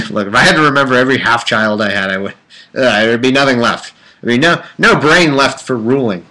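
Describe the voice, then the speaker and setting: A medium-pitched, sharp-toned man reads the Bible fairly quickly during a casual livestream. He wanders into irreverent jokes between passages, rambling with lots of fillers and restarts.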